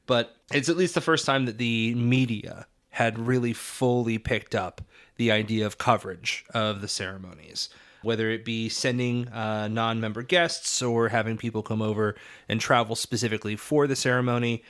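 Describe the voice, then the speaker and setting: A man's voice: mid-range voice, fairly even intonation, normal speed, a bit bright. A man co-hosting a film-history podcast in a casual, thoughtful way, with fillers now and then. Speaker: podcast co-host.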